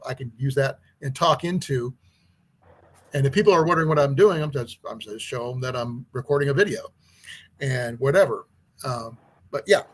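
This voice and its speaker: A man hosting an outdoors channel who teaches archery, talking in a casual, rambling livestream chat with a hoarse, husky voice. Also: mid-range voice. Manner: rambling, chatty, with many restarts.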